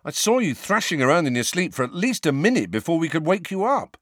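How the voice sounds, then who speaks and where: A man's voice: fairly high pitch, very animated, quick pace, no echo, pitched above the performer's own voice. A man voicing an easygoing teenage boy who talks casually and matily. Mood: reassuring.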